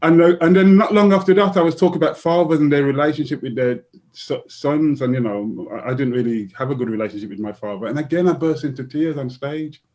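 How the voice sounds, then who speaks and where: A man's voice: a little high, quick pace. Older man telling stories animatedly. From United Kingdom. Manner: animated storyteller who acts out quoted voices and laughs often. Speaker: guest author. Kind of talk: storytelling in a conversation.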